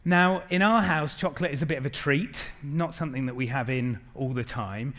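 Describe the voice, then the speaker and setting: A middle-aged man giving an animated keynote talk to a live audience, acting out the quotes in his stories. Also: medium pitch, fairly quick. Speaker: conference speaker.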